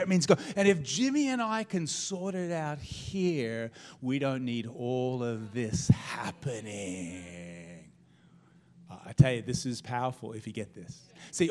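A middle-aged man preaching a sermon as pastor, telling humorous stories with lively swings in his voice. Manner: humorous storytelling, animated pitch swings.

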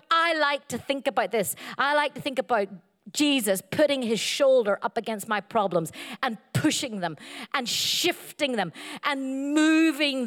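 A middle-aged woman preaching a sermon, animated and playful, telling humorous stories and slipping into silly voices. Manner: animated, playful, jumps into high silly voices for quoted lines.

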